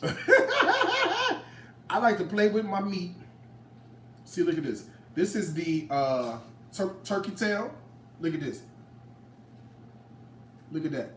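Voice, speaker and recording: A man's voice: mid-range voice, distant mic, slight background noise. A man in his late thirties giving a casual cooking demo in a home kitchen, sassy and playful, talking back to his viewers. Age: late 30s. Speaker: home cook. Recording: roomy, off-mic kitchen sound.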